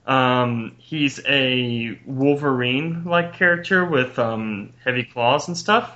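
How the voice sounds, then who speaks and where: A man's voice: mid-range voice, bright, forceful tone. A man hosting a casual podcast chat with friends over a call, joking and teasing with mock exasperation. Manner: joking, exasperated, quick to laugh. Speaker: podcast host. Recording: muffled lo-fi call audio.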